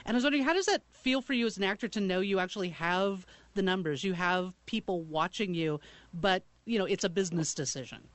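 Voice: mid-range voice, quick pace, no room sound. An interviewer asking an actor careful, hedged questions.

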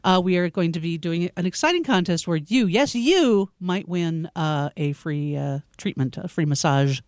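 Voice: medium pitch, expressive, normal speed, no echo. A radio co-host reading news items aloud with plain delivery and dry asides.

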